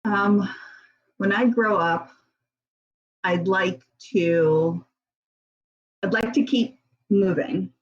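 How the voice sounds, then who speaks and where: A woman's voice: medium pitch, very slow, long pauses, muffled recording, slight background noise. A woman guest answering interview questions casually, rambling with many fillers and restarts and laughing often.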